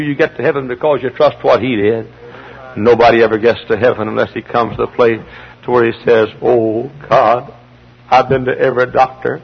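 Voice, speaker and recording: A man pastor preaching a fiery sermon. He swings from shouted peaks to hushed, slow pleas. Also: medium pitch, steady tone, breathy edge. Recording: dull lo-fi archival sermon tape.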